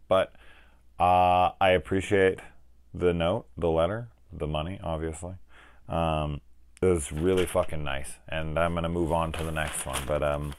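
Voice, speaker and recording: A man in his forties reviews a film in a loose, rambling way, swearing freely and acting out scenes as he retells them. His voice sits very low. The sound is close and dry, with no room around it. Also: steady tone, slow, pauses often, smooth, dry recording. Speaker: film review channel host. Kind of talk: casual spoken film review.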